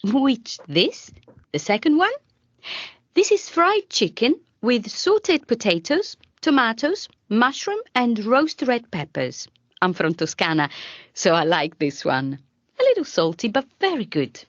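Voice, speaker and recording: A lively friendly Italian waiter. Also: female voice, a little high, a little slow, no room sound, highs cut off, full character voice. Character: friendly Italian woman waiter describing dishes.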